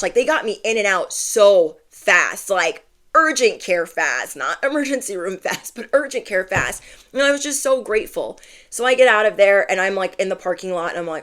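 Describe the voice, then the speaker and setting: Woman, thirties, casual storytelling, filler-heavy, mid-pitched. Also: expressive, a little fast, a bit bright. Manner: chatty, lots of "like" fillers, acts out quotes. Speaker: vlogger.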